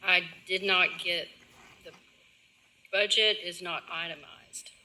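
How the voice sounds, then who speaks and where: A woman's voice: on the low side, fairly even intonation, takes it slowly, pushed and bright, poor audio. A woman commissioner questioning a witness at a public meeting, insistent. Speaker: county commissioner.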